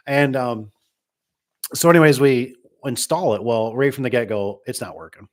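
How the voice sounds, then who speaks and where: A man's voice: mid-range voice, a little fast. Rambling, joking middle-aged man. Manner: rambling, joking, many restarts and asides. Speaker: garage door business owner. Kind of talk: casual storytelling to a live chat.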